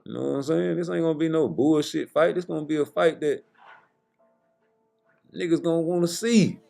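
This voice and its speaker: A man's voice: a little high, moderate pace, creaky, mellow, faint music behind. A man giving heated, profane boxing commentary in a casual rant, blunt and repeating points for emphasis.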